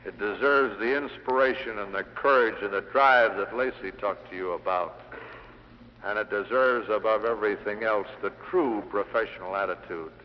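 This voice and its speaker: A middle-aged man giving an after-dinner sales speech to a hall audience, telling anecdotes with punchy, dry humor. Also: fairly low pitch. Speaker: sales lecturer. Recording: dull 1960 LP of a hall speech.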